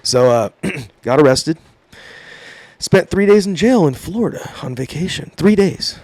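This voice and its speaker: A man's voice: on the high side, measured pace, dry recording. Profane man telling a wild story. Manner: profane, animated storytelling with voiced quotes. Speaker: podcast guest. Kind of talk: casual storytelling.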